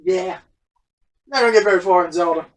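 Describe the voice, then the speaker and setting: A man's voice: high-pitched, quick pace. Sarcastic profane man, off-mic. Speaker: podcast co-host. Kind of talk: casual comic and game chat. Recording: distant room mic.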